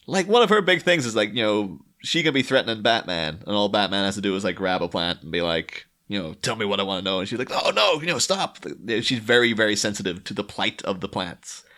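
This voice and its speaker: A man's voice: lowish voice, fast, few pauses, pushed and bright. A man co-hosting a podcast in casual chat, rambling and laughing, acting out quotes. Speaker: podcast co-host.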